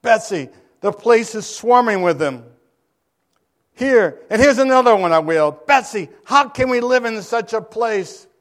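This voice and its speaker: A man's voice: sits high, lively intonation, a little slow, pitched above the performer's own voice. A male preacher voicing a frightened, exasperated young woman prisoner in a dramatic reading. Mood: alarmed.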